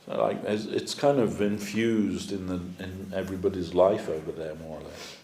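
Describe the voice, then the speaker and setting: A man's voice: deep voice, steady tone, moderate pace, warm tone, reverberant, slight background noise. A man giving a storytelling sermon as a spiritual teacher, conversational with many fillers. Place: temple hall.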